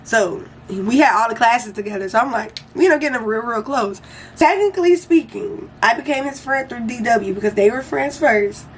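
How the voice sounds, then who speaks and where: A young woman casually telling a storytime vlog in an animated, slangy and profane way. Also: a little high, normal speed, a little hiss or hum.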